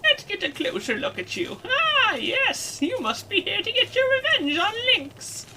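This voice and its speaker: An ancient hooded crone from a story game. The voice is high, quavery and sharply bright, and it cackles and teases with sly, knowing menace. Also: female voice, huge pitch swings, measured pace, a little hiss or hum, heavily acted, poor audio.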